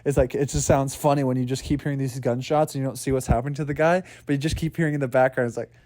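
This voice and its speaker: A man's voice: mid-range voice, fairly even intonation, very fast, very noisy. A man chatting casually about a movie as co-host, filling his speech with "like" and re-enacting scenes. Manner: heavy "like" filler, re-enacts scenes. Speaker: podcast co-host.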